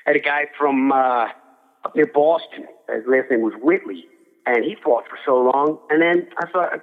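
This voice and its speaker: A man's voice: mid-range voice, normal speed. An older man from Philadelphia, a boxing cutman, telling rambling stories in a casual interview, full of restarts and fillers. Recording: phone-like audio with long reverb.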